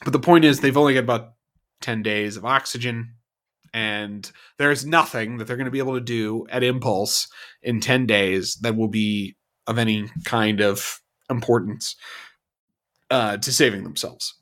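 A man chatting casually as a podcast co-host, lively and jokey in his delivery. His voice sits at an ordinary male pitch. He is relaxed and conversational. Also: moderate pace. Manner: animated, jokey, puts on whiny mock voices. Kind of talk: casual chat.

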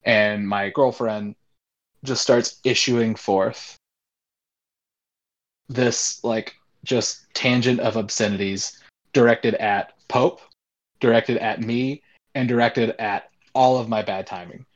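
Man, twenties, casual storytelling, rambling, filler-heavy, medium pitch. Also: steady tone, slow pace, lo-fi sound. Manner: rambling, many fillers and laughs.

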